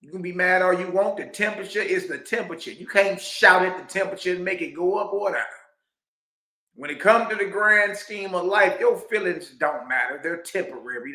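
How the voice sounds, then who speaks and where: A man hosting a reaction video, talking loudly and excitedly, laughing often and dropping preacher-style asides. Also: high voice, normal speed, reverberant. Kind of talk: animated commentary reacting to a clip.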